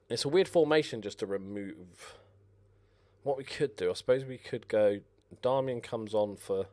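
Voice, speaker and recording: A young man casually commentating as he plays a football management game, excitable, swearing and shouting at the players on screen. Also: lowish voice, normal speed. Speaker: gaming commentator. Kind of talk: casual let's-play commentary.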